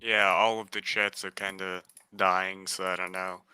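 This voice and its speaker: A man's voice: low voice, little pitch movement, unhurried, pushed and bright, clean tone, dry recording. A hesitant man chatting as a guest on a stream, with short replies. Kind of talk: casual chat.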